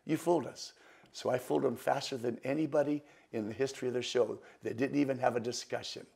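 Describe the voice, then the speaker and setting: Gravelly, husky older man telling stories. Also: mid-range voice, fast. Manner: animated anecdotes, acting out other people's voices. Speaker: guest magician. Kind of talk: storytelling interview.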